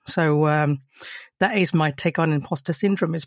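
A woman guest on a podcast, telling stories in an animated, self-deprecating way with frequent laughter. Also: sits low, moderate pace, no room sound, clean studio sound. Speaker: podcast guest, education professional. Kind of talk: casual podcast discussion.

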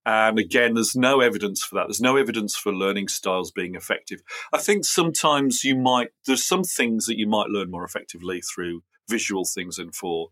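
A man's voice: on the low side, moderate pace, hardly any pauses, a bit bright, low-quality recording. A man with an English accent, co-hosting a casual chat, talking loosely with fillers and restarts, declamatory when he reads aloud. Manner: declamatory when reading, chatty with fillers in talk. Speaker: podcast co-host. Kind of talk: casual chat and comic dramatic reading.

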